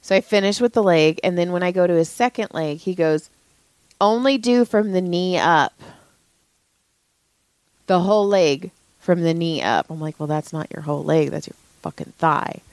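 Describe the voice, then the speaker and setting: A woman's voice: lowish voice, normal speed, smooth, dry recording. A young woman co-hosting a podcast, venting anecdotes in casual, profane chat. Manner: profane, animated storytelling. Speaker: podcast co-host, massage therapist.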